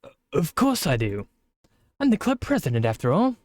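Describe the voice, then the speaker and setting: A friendly teenage club president with a put-on British accent, voiced by a man. Her sweet, chipper lines sit a little higher and brighter, recorded close and dry with no room sound. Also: wildly swooping pitch, normal speed, dry recording. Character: friendly teen girl club president, unsettling.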